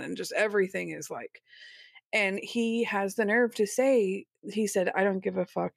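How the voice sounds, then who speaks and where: A woman's voice: fairly low pitch, no echo, clean studio sound. A woman speaking as a guest on an interview podcast, recounting her experiences in a frank, conversational way. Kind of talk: interview storytelling.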